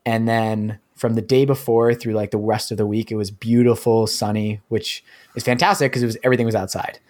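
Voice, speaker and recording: A man's voice: fairly low pitch, steady tone, brisk, a little mellow. A man co-hosting a casual podcast, telling a story in an easygoing way with frequent ums. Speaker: podcast co-host.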